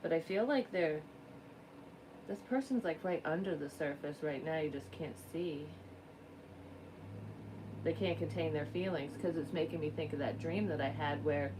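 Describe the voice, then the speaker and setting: A woman's voice: low-pitched, a little mellow, far from the mic, slight background noise, poor audio. A woman working as a psychic medium gives a casual card reading, rambling, frank and swearing freely.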